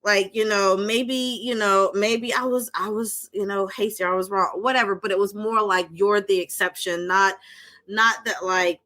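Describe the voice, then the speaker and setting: A woman's voice: medium pitch, moderate pace. A woman co-hosting a podcast, telling a personal story in casual chat and acting out the people in it. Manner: animated, acts out quoted voices. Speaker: podcast co-host, mental health professional.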